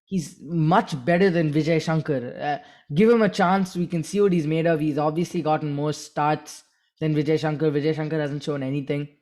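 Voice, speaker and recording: A man's voice: on the high side, moderate pace, darkish tone. A man co-hosting a cricket podcast, talking in a rambling, hesitant way as he searches for words. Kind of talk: casual sports chat.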